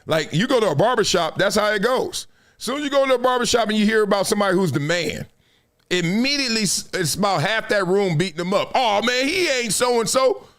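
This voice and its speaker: A man hosting a live sports talk stream, lecturing his viewers in a casual, slangy, animated way with laughs between points. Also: high-pitched, fast talker. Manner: animated, preachy, drops into quoted voices. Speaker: sports talk show host. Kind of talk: live-streamed commentary monologue.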